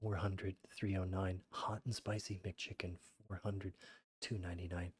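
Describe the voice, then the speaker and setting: Husky low-voiced male streamer. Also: moderate pace, no room sound. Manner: reads viewer messages aloud in a flat rattled-off list; exasperated, rambling. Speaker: VTuber streamer. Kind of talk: casual livestream chat while gaming.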